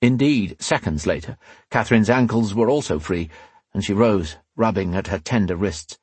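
A male audiobook narrator reads fantasy prose in a measured, dramatic way. His voice is low and husky. The close mic gives a dry, roomless sound. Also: no echo.

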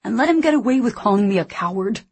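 A woman reading a brash, quick-tempered young man in an audiobook, her voice loud and indignant. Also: mid-range voice, animated, slightly rough, voice pushed up.

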